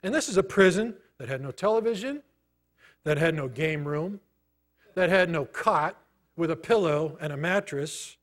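A man's voice: a little high, animated. Man preaching a personal testimony sermon. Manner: storytelling, conversational, pausing often. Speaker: pastor.

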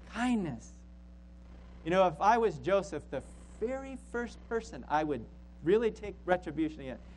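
A male pastor delivers a sermon in a high, animated voice that swoops up and down through each phrase. He leans on repetition, restating lines to drive them home, with a faint hum under the recording. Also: rough recording. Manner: emphatic, repeats phrases for stress.

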